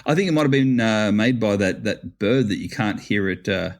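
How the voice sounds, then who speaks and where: A man's voice: lowish voice, expressive, normal speed. A man from Australia with an Australian accent, co-hosting a podcast in casual chat, joking and telling dad jokes. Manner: jokey, laughs often, tells dad jokes. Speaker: podcast co-host.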